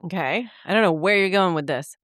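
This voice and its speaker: Smooth-voiced woman, quick and teasing. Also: on the low side, fairly bright tone, dry recording, clean studio sound. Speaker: podcast co-host. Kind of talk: casual book-club chat.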